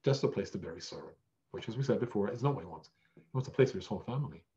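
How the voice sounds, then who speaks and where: A man's voice: on the low side, animated, racing, muffled recording, crowd noise. A man teaching a weekly Torah lesson as a rabbi, conversational and self-deprecating. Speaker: rabbi teaching a text class.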